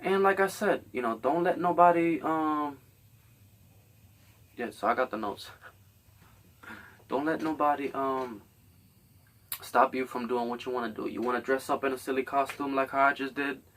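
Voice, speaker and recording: A man's voice: mid-range voice, normal speed, pauses often, fairly bright tone, distant mic, slight background noise. A man hosting a podcast, delivering a rambling, blunt, profane comedic monologue. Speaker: podcast host.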